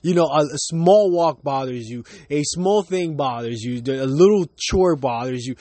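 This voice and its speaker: A man's voice: on the high side, animated, moderate pace, dark tone, no room sound. A man in his thirties hosting his own podcast, ranting loosely with lots of profanity and laughter. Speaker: podcast host. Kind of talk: casual ranting monologue. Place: Miami.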